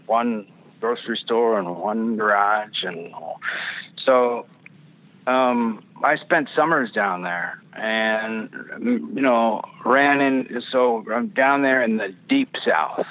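A man's voice: mid-range voice, slow. A male actor telling loose, rambling stories in a casual interview, full of restarts and the odd swear word. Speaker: actor guest. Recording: phone-line quality audio.

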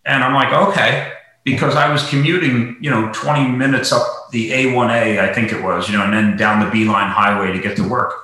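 Speaking briskly with few pauses, this man has a medium-pitched, pushed and bright voice with flat delivery. He's a podcast guest, a golf professional from Lancaster, Pennsylvania, rambling through a long casual story full of "you know" fillers, recorded in a very echoey room.

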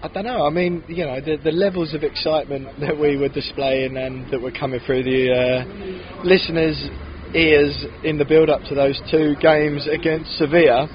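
Chatty podcast host outdoors. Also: male voice, on the high side, normal speed, muffled recording. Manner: chatty, animated, laughs often. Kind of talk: casual chat. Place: outdoors outside a city bar.

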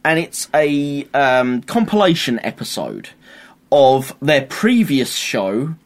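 A man's voice: medium pitch, slow. A man co-hosting a podcast, chatting casually and acting out sketch voices as he tells stories. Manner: animated, acts out sketch voices. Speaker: podcast co-host. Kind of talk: casual chat.

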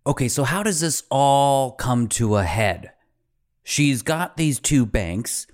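A man's voice: medium pitch, expressive, slow. A man hosting a podcast who tells a story dramatically, acting out quotes and swearing freely. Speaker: podcast host.

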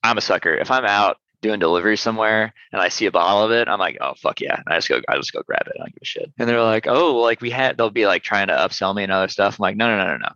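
A man with a gravelly, somewhat low voice talks about his work in a loose, easygoing way, scattering fillers and curse words through his talk. His tone has a bright edge. The recording sounds dry and a little muffled. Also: quick pace, hardly any pauses, dry recording. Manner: loose and profane, many fillers. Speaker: sour beer brewery owner, guest. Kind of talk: casual interview chat.

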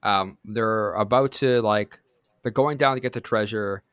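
A man co-hosting a podcast in casual chat, pitching a plot with fillers and quick bursts. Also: smooth, no echo, studio quality. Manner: brainstorming with lively bursts, fillers. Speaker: podcast co-host.

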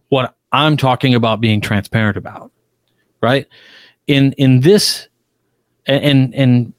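A man's voice: medium pitch, dry recording, clean studio sound. A man co-hosting a casual podcast panel discussion, talking emphatically with lots of restarts. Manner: emphatic, animated, frequent restarts. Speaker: podcast co-host. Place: Chicago.

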